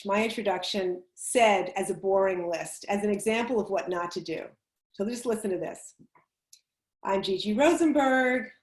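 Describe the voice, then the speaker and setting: A woman public speaking coach giving chatty, emphatic advice on a video call, laughing easily as she explains. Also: mid-range voice. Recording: roomy echo on a video call.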